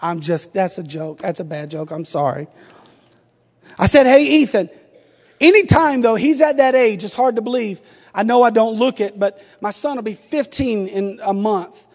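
High-voiced preacher in a reverberant church. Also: male voice, lively intonation, moderate pace. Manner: humorous storytelling rising to fervent shouting. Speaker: pastor. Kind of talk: sermon with personal story. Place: church sanctuary. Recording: long reverb of a church sanctuary.

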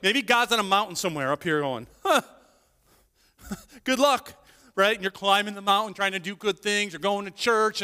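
Guy pastor preaching, kinda high voice, chatty storytelling, big echoey church hall. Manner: animated, conversational storytelling with quick asides. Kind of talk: sermon.

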